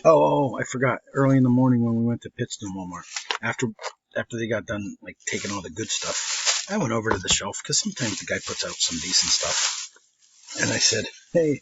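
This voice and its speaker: A man spins a rambling story about card hunting, keeping his voice low and easy. He laughs between lines and puts on quick voices for the people he quotes. The recording is dull and lo-fi, with a faint hiss behind him. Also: a bit bright. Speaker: trading card collector. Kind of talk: casual storytelling vlog. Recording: slightly dull lo-fi audio with faint noise.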